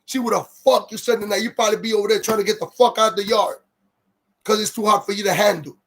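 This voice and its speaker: A man's voice: high-pitched, steady tone, quick pace, a bit bright. A man hosting a livestream, ranting heatedly with lots of profanity and reading viewer comments aloud. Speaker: livestream host.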